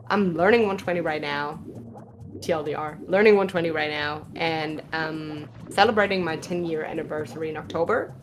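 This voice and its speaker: Lowish-voiced woman w a slight lisp, laughs a lot, casual stream commentary. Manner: chatty, laughs often, restarts phrases. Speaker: speedrun commentator. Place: commentary booth.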